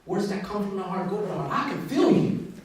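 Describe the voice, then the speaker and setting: A man's voice: sits high, expressive, quick pace, far from the mic. A man giving a passionate, conversational religious talk and addressing his audience directly. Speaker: speaker. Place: large echoey hall. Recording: echoey hall, voice from afar.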